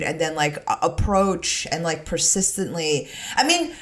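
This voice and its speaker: A woman's voice: lowish voice, moderate pace. A comedian co-hosting a podcast, a woman chatting casually with incredulous reactions. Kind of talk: casual chat. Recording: loud crowd noise behind.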